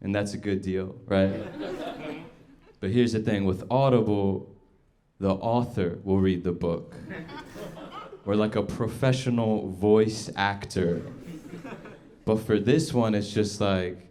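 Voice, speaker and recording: A man doing a stand-up comedy set on a club stage with a slow, laid-back delivery. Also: lowish voice, steady tone. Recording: loud crowd laughter behind.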